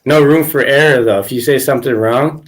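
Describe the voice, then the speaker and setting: A man's voice: mid-range voice, a little fast. Crude laughing podcast host guy. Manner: crude storytelling, laughs often. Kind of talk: casual podcast chat.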